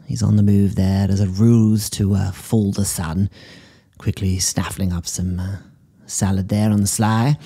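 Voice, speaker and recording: A man puts on an eccentric middle-aged woman, a pet psychic, in a comedy sketch. Her voice is low, husky and mellow, and she drifts through odd animal readings in a breezy, deadpan way. She calls everyone darling. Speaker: host. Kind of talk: improvised character comedy monologue.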